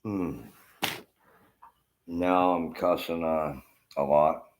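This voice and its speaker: A man with a very low, deep voice delivers a rambling, bitter rant full of swearing. He sounds like he is hurting and feeling unwell as he talks to the camera. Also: fairly even intonation, drawn-out words.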